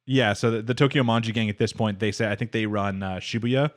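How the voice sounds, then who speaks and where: A man's voice: on the low side, fairly even intonation, fairly quick, no echo, clean studio sound. A man co-hosting a casual anime podcast, rambling through a plot recap with lots of fillers and acting out the characters' lines. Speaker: podcast co-host.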